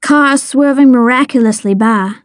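A woman's voice: high voice, normal speed, dry recording, clean studio sound. A woman narrating a first-person story in a vivid audiobook reading.

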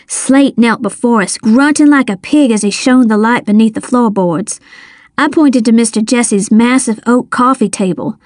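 A woman reading a first-person children's adventure story aloud, measured and suspenseful, on a close mic. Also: fairly high pitch, darkish tone, dry recording. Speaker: audiobook narrator.

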